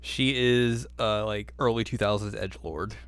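A man's voice: on the low side, steady tone, moderate pace, fairly bright tone, clean tone, no room sound. Laid-back man recapping a cartoon. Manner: laid-back, drops into silly voices. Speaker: podcast co-host. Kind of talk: casual chat recapping an anime.

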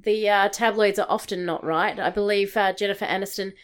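A woman's voice: medium pitch, fairly even intonation, brisk, clean tone. A woman co-hosting a casual chat, talking with frequent hesitations and ums. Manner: hesitant, many ums, chatty. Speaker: podcast co-host.

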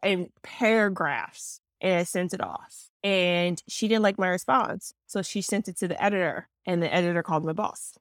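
A woman guest in a casual podcast interview, telling workplace stories in a lively way and acting out heated exchanges. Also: on the low side, moderate pace, hardly any pauses, dry recording, clean studio sound.

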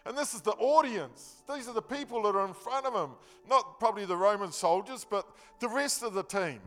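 A man's voice: high-pitched, lively intonation, unhurried, fairly bright tone, faint music behind. A man preaching a sermon, telling the story earnestly and emphatically in a loose, conversational way with casual slang.

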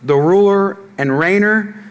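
A man's voice: high voice, a little slow, clear, resonant tone. A middle-aged male pastor preaching a sermon, telling jokes and stories and calling out to the congregation. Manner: animated, joking storytelling to the congregation.

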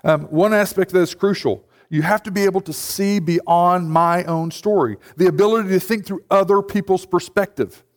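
A man with a high voice preaches to his congregation in a loose, conversational way, slipping into quoted voices along the way. His words ring out with a long reverb from the church hall. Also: moderate pace, hardly any pauses. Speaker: pastor. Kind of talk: sermon. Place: church sanctuary.

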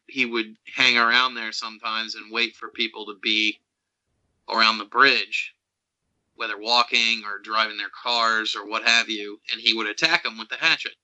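Bright-voiced Southern man, laid back. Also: medium pitch, poor audio. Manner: laid-back, laughs easily. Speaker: podcast co-host. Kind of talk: casual chat.

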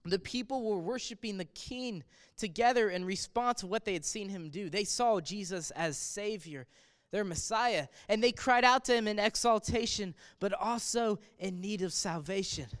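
A man's voice: sits high, moderate pace, a bit bright, clean tone, big-room sound. A male pastor preaching a sermon, swelling in volume on the quoted cries of the crowd.

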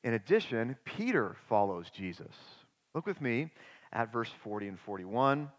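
A man preaching a sermon as pastor, emphatic, posing rhetorical questions and dropping suddenly to quiet. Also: mid-range voice, big pitch swings, normal speed. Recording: long hall reverb.

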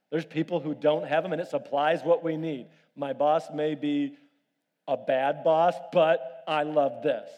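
A man with a fairly high voice delivers a sermon, jumping between animated family anecdotes and quieter appeals to the congregation. His voice carries a long hall reverb, as if recorded in a large church. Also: a little slow, muffled recording. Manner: animated storytelling with audience questions. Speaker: pastor.

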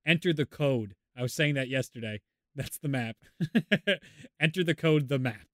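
A man co-hosting a podcast in casual chat, animated and rambling, laughing often. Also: medium pitch, moderate pace, no echo, studio quality. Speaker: podcast co-host.

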